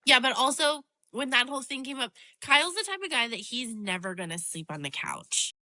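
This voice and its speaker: A woman's voice: a little high, animated, brisk, pushed and bright, no echo. A woman co-hosting a podcast, chatting expressively about a reality show, laughing often and swearing freely. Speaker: podcast co-host. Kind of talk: casual chat recapping a reality show.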